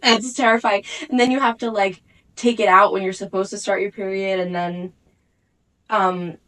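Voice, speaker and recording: A woman's voice: mid-range voice, moderate pace, rough recording. A young woman co-hosting a podcast, telling stories in casual chat, laughing often and acting out what people said. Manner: animated storytelling, laughs often, acts out quotes. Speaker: podcast co-host.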